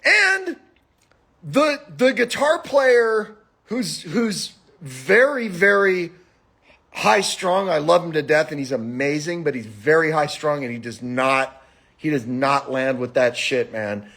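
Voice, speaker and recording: A man hosts a casual, swearing podcast chat and acts out stories with a gravelly edge. His voice sits a bit high for a man and has a husky grain. When he gets worked up, his pitch climbs sharply toward a shout. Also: slow pace. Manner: animated storytelling, swearing, rises to shouts. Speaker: podcast host.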